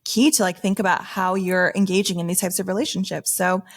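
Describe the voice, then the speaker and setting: A woman's voice: fairly low pitch, steady tone, a little fast. Upbeat young woman podcast co-host. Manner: enthusiastic, upbeat. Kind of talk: casual business podcast chat.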